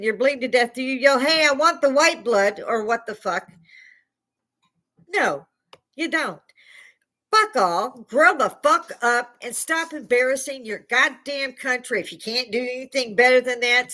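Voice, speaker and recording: A woman's voice: high-pitched, bright, forceful tone. An older woman from Chicago with a Chicago accent, hosting a live stream and ranting bluntly, with plenty of swearing. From Chicago, United States. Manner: blunt, profane, heated ranting. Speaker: livestream host. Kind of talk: opinionated live rant.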